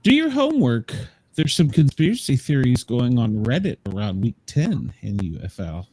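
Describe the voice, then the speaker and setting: A man hosting a sports podcast, his voice moving lively up and down as he drops dry, teasing jokes. He sounds close and dead, with no room around him. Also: mid-range voice, normal speed, no echo, rough recording. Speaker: podcast host and business manager. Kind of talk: casual sports chat.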